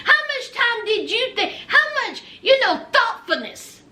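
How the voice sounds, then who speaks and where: A shrill, indignant middle-aged woman who insists and exasperates, her voice climbing high, as a woman puts her on. The pitch leaps about, and the room echoes. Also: sing-song, a little slow, sharp tone, full character voice. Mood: demanding.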